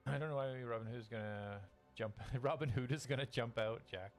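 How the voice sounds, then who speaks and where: A man's voice: medium pitch, a little fast, faint music behind. A man acting as game master and live-stream host, chatting casually and laughing often as he greets viewers.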